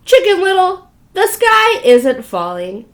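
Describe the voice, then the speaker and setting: A woman voicing a calm, firm king in a children's storybook, questioning and reassuring. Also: very high-pitched, slow pace, voice pushed up, heavily acted.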